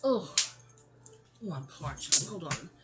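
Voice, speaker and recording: A woman's voice: low-pitched, big pitch swings, slow, loud music behind the voice. A woman, telling a personal story in a casual, rambling audio-diary style, stammering and restarting and acting out quoted lines.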